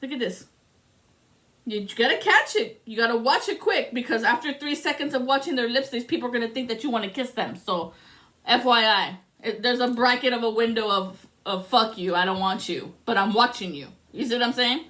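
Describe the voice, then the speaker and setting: A woman's voice: fairly high pitch, a little fast, bright, forceful tone. A woman speaking as a spiritual reader in a passionate, profane rant to her viewers. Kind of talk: emotional monologue to camera.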